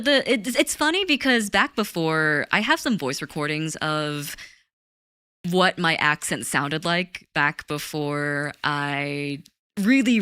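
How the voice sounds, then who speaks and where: A woman's voice: deep voice, clean tone, no echo, studio quality. A woman VTuber streamer whose first language is Mandarin Chinese, with a slight mix of Southern US and British vowels, chatting casually and reading chat aloud on a desk mic. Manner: animated, quick to laugh, talks to chat.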